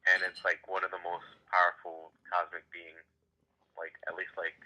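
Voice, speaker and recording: A man's voice: deep voice, monotone, moderate pace, pushed and bright, a little hiss or hum. A man who is a guest in a casual podcast chat, filling his talk with "like" and "you know". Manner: lots of "like" and "you know" fillers. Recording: dull lo-fi sound.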